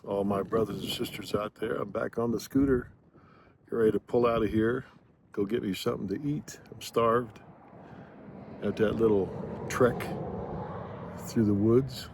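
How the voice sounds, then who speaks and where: A man vlogging outdoors in the woods, musing slowly and philosophically as he walks. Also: fairly low pitch, fairly even intonation, gravelly, noisy background. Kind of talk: reflective outdoor vlog narration.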